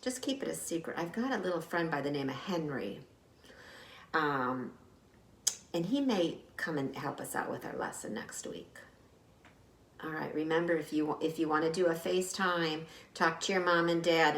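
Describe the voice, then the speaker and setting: A woman teaching an online Sunday school lesson, speaking gently and simply to young children, recorded on a home camera. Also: low voice, normal speed. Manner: gentle, encouraging, talks simply to young kids. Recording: roomy echo.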